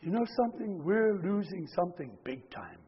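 A man preaching a sermon, swinging from loud exhortation to hushed near-whispers, often repeating words and restarting. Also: high-pitched, sing-song, moderate pace, breathy edge. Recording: dull lo-fi recording with long hall reverb.

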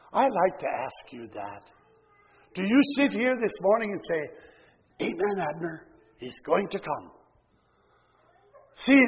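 An older man preaching a sermon, earnest, moving between loud emphasis and quiet asides. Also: high voice, slightly rough. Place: church. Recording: lo-fi recording with long church reverb.

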